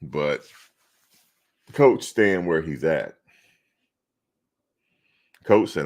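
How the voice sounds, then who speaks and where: A man hosting casual sports talk, rambling and animated, often quoting others in his own voice. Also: rumbling low, extremely slow, pauses often. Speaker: sports commentary host.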